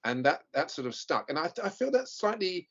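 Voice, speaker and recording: A man's voice: fairly high pitch, sing-song, brisk, fairly bright tone. A man from Essex interviewing a guest, chatting casually with plenty of hesitations. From Essex, England. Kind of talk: casual chat. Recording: dull lo-fi sound.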